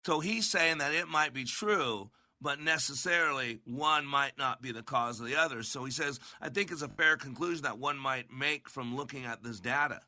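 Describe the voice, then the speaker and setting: A man's voice: mid-range voice, moderate pace, few pauses, sharp tone, no room sound. A man hosting a faith-minded podcast, talking in earnest, preacher-like bursts and hammering phrases through repetition. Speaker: podcast host. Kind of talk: preachy commentary.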